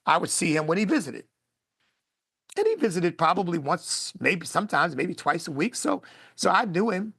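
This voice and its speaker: Un hombre de voz áspera y grave narra con emoción una historia personal ante su público. Alterna pasajes en voz baja, casi susurrada, con arrebatos animados. El sonido es seco y cercano, sin eco. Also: male voice, mid-range voice, creaky, no room sound, studio quality. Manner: animated, swings between hushed and lively. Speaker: speaker telling his life story. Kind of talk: emotional personal storytelling to an audience.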